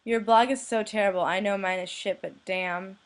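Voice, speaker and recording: Young woman, mid pitch, deadpan read of fan and hate messages. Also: moderate pace. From United States. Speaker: blogger reading anonymous messages. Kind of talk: reading messages aloud to camera.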